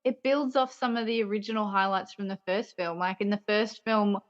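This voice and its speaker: A woman's voice: medium pitch, fairly even intonation, fairly quick. A woman guest on a film podcast, talking enthusiastically and casually, often trailing off with "you know". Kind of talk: casual chat. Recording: slightly dull lo-fi audio.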